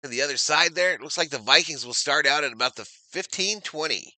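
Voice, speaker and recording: Bright, energetic male play-by-play streamer. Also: fairly high pitch, brisk, no echo. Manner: energetic, reads viewer chat aloud. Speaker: live stream sports commentator. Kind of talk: live play-by-play commentary.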